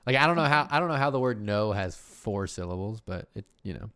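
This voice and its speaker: A man's voice: fairly low pitch, animated, fairly quick, a bit bright, clear, resonant tone, no room sound, clean studio sound. Rambling man chatting on a livestream. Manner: rambling, self-interrupting, laughs often. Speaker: host. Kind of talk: casual livestream chat.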